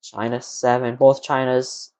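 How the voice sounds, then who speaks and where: A man's voice: mid-range voice, level tone, measured pace, a little mellow. A tired young man streaming live from his computer, rambling to himself and answering chat questions in a casual, muttering way. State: tired, yawning.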